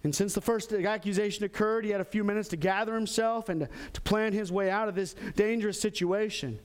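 A pastor preaching a sermon, animated, acting out quoted lines with sudden jumps in pitch. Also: male voice, a little fast, clean tone. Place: church in Texas.

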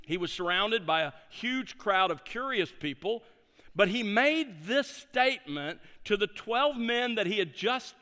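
A man preaching a sermon, measured and emphatic, slowing down to stress key phrases. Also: high voice, bright, forceful tone, in a large hall. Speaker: pastor.

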